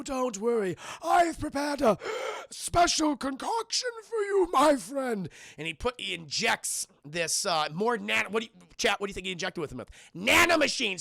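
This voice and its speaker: Gravelly, excitable male streamer. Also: sits high, no echo, clean studio sound. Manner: excitable, profane, frequently addresses the chat. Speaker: streamer and film reviewer. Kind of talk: casual film recap to a live chat.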